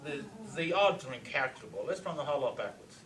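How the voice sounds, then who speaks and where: A man's voice: medium pitch, lively intonation, fairly bright tone. Guy giving a talk to a room, explains stuff plainly, kinda far from the mic, echoey. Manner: explanatory, matter-of-fact, pauses with fillers. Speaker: presenter on reverse speech. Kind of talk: lecture presentation playing audio clips. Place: lecture room with audience.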